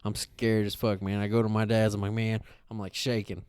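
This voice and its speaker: A man's voice: lowish voice, brisk, clear, resonant tone, no echo, studio quality. Profane, rambling man telling stories. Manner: rambling, profane, animated storyteller. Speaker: podcast co-host. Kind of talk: casual storytelling chat.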